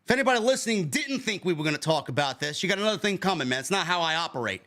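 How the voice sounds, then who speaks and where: Man, very high voice, lively pitch, indignant profane podcast rant. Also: rapid-fire. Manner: indignant, profane, rhetorical questions. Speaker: podcast co-host.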